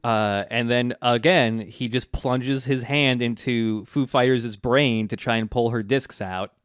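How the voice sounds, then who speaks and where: A man's voice: medium pitch, steady tone, unhurried, clean tone, no echo. Laid-back male podcaster, dry close sound. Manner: laughing, filler-heavy retelling. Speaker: podcast co-host. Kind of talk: casual chat recapping an anime.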